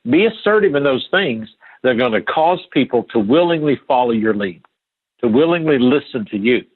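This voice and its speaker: An older Appalachian man, a podcast guest, tells personal stories in an interview, his husky, breathy voice coming through a thin, phone-like line. He's earnest and emphatic, repeating key phrases. His mid-range voice is animated and moves at a moderate pace.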